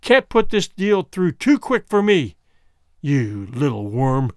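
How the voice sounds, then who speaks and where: A jealous, hot-headed man who blusters and sneers, played by a man reading a story aloud. His voice sits a little high and swings widely in pitch. It is recorded close and dry, like a storybook recording. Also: sing-song, slow pace, no room sound, exaggerated voice. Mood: bitter contemptuous. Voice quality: forceful, blustering. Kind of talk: audiobook character voice.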